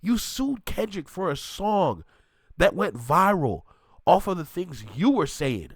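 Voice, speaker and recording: A man's voice: high-pitched, sing-song, a little slow, dry recording, studio quality. A man hosting a music reaction video, ranting emphatically and in disbelief as he gives his take.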